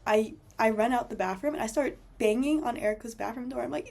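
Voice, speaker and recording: A woman's voice: on the high side, brisk, few pauses, a little mellow. A young woman telling a travel story as a voice-over, chatty and full of fillers. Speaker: travel vlogger.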